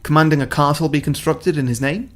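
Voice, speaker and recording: A man in a casual podcast chat, telling his pitches in a laid-back way with frequent laughs. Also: fast talker. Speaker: podcast co-host.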